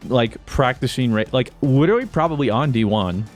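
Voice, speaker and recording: A man chats casually about a game, trading jokes with friends. His mid-range voice moves up and down expressively, and soft music runs underneath. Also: medium pitch, brisk. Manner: joking, animated banter. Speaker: host reacting to a video. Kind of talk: casual gaming chat.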